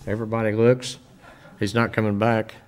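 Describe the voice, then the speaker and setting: An older man speaking informally to a church congregation, telling stories in a folksy, rambling way with many pauses. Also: on the low side, level tone. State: emotional, voice dropping. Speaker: visiting church-building minister.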